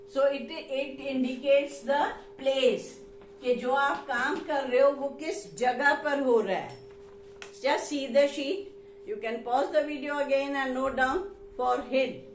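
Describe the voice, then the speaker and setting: Female teacher, high voice, unhurried, explains patiently, echoey room. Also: slight background noise. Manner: slow, deliberate, repeats key words, switches into Hindi to explain. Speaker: English teacher. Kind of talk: grammar lesson.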